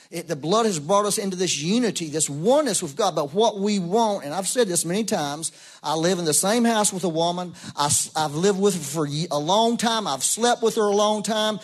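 A middle-aged man preaching a sermon in a folksy, storytelling way, acting out quoted voices. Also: high-pitched. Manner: folksy, storytelling, animated quoting. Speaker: pastor.

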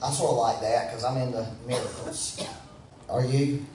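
A man's voice: medium pitch, steady tone, normal speed, background noise. A man preaching a sermon in a folksy, conversational way, calling on the congregation to answer back. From United States. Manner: conversational, folksy, calls for audience responses. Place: church sanctuary. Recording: roomy, from a distance with faint background.

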